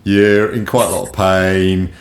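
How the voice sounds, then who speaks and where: A man's voice: low-pitched, level tone, a little slow. A man hosting a podcast interview, summing up his guest's story back to her in an understanding way. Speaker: podcast host. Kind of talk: interview questions. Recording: echoey room with background noise.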